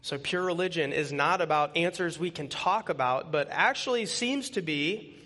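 A man in his thirties delivers a conversational sermon in a slightly high, forceful, bright voice. He keeps asking rhetorical questions and checking in with the congregation. His words ring out with a long tail of reverb in a large church hall. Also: normal speed. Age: 30s. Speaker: pastor.

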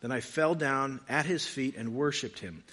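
A man's voice: medium pitch, moderate pace, a bit bright, slight background noise. A man pastor giving a conversational sermon, reading scripture aloud and joking with his congregation.

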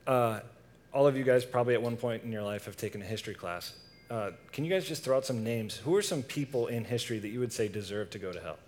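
A man's voice: medium pitch, fast talker, a little mellow. Man preaching casually to a youth group. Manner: casual, asks the audience questions.

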